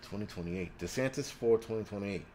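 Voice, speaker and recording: A livestreamer from the United States, his voice lowish and mellow, speaks fairly fast in an angry, expletive-filled rant full of stammered restarts. He responds to comments from the chat while slight background noise runs underneath.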